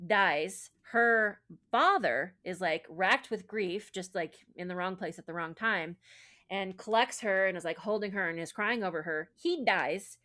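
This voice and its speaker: A woman's voice: mid-range voice, unhurried, sharp tone. A woman podcast host retelling a myth in casual chat, with lots of fillers and profanity. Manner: chatty, profane, filler-heavy.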